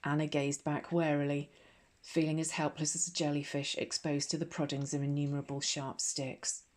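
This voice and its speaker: A woman with an English accent reading a novel aloud as a gentle, measured ASMR audiobook narration. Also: low-pitched, little pitch movement.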